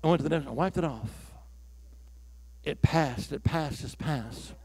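Fiery older preacher with a gravelly voice. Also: male voice, fairly high pitch, moderate pace. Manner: swings from hushed storytelling to shouted call-and-response; leads the crowd in chants. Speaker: traveling evangelist. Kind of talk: revival sermon.

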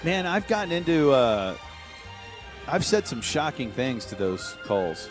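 A man, hosting a radio show, telling a story in lively casual banter and laughing often. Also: mid-range voice, measured pace, faint music behind.

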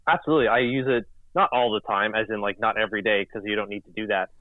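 A man co-hosting a casual sports podcast, chatty and animated, acting out quotes in silly voices. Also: lowish voice, fast talker, no echo. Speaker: podcast co-host. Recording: tinny phone-like line.

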